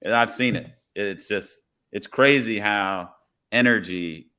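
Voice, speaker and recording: Low, bright-voiced male storyteller. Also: slow, smooth. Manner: relaxed storyteller who acts out quoted dialogue. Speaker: police officer, podcast guest. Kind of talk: casual podcast conversation, storytelling.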